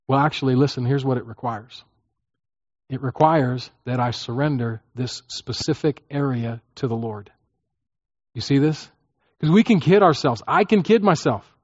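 A pastor speaks at normal speed in a medium-pitched voice, in a dry and muffled recording. He preaches in a conversational, teaching manner, repeatedly checking in with listeners by asking "okay?" and acting out prayers.

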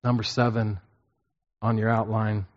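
A man's voice: on the low side, flat delivery, a little slow. A man preaching and teaching from scripture to a group. He often repeats his points and checks in with his listeners. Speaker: pastor teaching a class. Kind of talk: sermon-style Bible teaching. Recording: dull lo-fi recording.

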